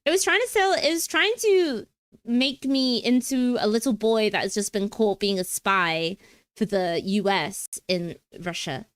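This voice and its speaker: A playful young woman with a British accent, chatting casually on a stream with giggly, stumbling restarts. Her voice is mid-pitched and dry, close to the mic. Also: a little slow, smooth, no room sound.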